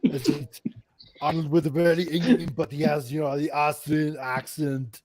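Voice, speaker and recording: A man's voice: fairly high pitch, flat delivery, moderate pace, a crowd in the background. A man talking as a guest on a casual panel chat, jokey and laughing often.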